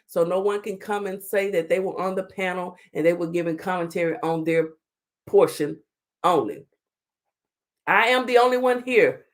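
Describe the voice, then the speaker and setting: A woman hosting a casual live stream, chatting and greeting viewers by name with sassy asides before reading court transcripts aloud. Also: medium pitch. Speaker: talk show host.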